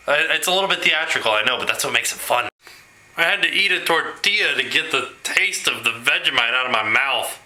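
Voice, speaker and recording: A man talking in a rambling, animated way in a casual home video blog, quick to laugh. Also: a little high, low-quality recording. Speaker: vlogger. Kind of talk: casual vlog chat.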